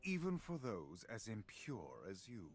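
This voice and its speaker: An actor playing a haughty, preachy air fryer priest in a video game, speaking in solemn, contemptuous sermon tones. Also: male voice, fairly low pitch, huge pitch swings, unhurried, heavily acted.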